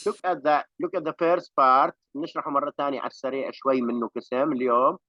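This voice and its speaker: A man teaching an English grammar class online, slow on examples and rapid in his explanations. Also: mid-range voice, fairly even intonation, pushed and bright, no echo, muffled recording.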